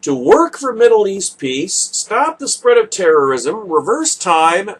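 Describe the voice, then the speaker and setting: A man's voice: sits high, very animated, unhurried, creaky, breathy edge. A man hosting a radio show, delivering a sarcastic, mocking political commentary monologue.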